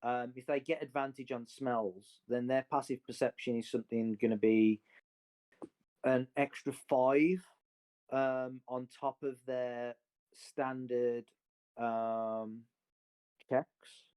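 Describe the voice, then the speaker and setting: A man's voice: medium pitch, steady tone, slow pace, a little mellow, clear, resonant tone. A man explaining tabletop game rules, hesitant and working through the numbers aloud. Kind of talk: casual tabletop play.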